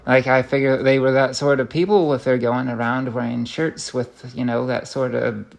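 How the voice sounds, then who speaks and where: A man's voice: mid-range voice, level tone, normal speed, vocal fry. A young man talking straight to camera in a confessional vlog, rambling and rueful, often restarting his sentences. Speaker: vlogger.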